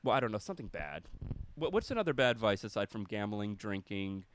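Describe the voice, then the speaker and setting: A man riffing through a casual podcast chat, swearing freely and rambling from joke to joke. His pitch swings widely as he talks, and the sound is dry and close with almost no room echo. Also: brisk. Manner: profane, rambling, expressive. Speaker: comedian and podcast host.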